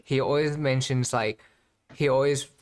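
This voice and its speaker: A man's voice: mid-range voice, normal speed, clear, resonant tone. A man in casual chat as a student, hesitant and filling his questions with "like" and "um". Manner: hesitant, heavy use of "like".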